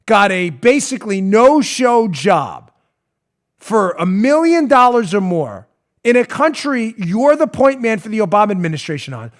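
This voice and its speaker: A male podcast host delivering an emphatic, sarcastic opinion monologue. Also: extremely high pitch. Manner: emphatic, sarcastic, animated ranting. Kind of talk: opinionated talk show monologue.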